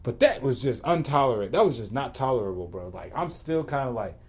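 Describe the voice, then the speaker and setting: Male podcast host, mid-pitch voice with a lively swing, profane slangy rant delivery. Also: a little fast, husky. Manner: animated, profane, slangy, rambling with repeats. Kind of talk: casual rant storytelling.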